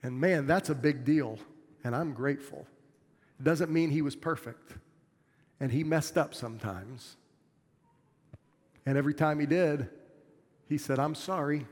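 A middle-aged pastor preaches from the pulpit, earnest and plainspoken, laughing as he pokes fun at himself. His voice is a touch high for a man but darkish in tone, unhurried, with long pauses. A large church sanctuary lends a long reverb.

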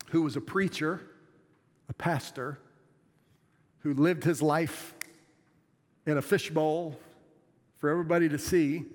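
A middle-aged man delivers a sermon from the pulpit, earnest and plainspoken, poking fun at himself. His voice sits a touch high for a man. The sound rings with the long reverb of a large church sanctuary. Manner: earnest, plainspoken, self-deprecating with laughs. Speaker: pastor.

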